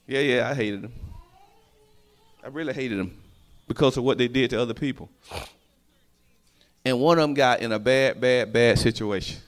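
A man preaching a sermon, calling out to the congregation and swinging from hushed asides to shouted lines. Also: mid-range voice.

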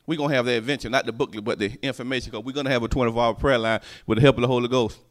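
A man's voice: mid-range voice, rapid-fire. A man preaching a sermon, telling stories and checking in with the congregation in a call-and-response manner. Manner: animated, call-and-response, storytelling.

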